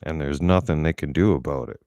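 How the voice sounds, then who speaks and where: Middle-aged male vlogger, very low voice, dry close sound, swears freely while recounting. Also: brisk, a little mellow, dry recording. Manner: blunt, profane, angry storytelling. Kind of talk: casual storytelling.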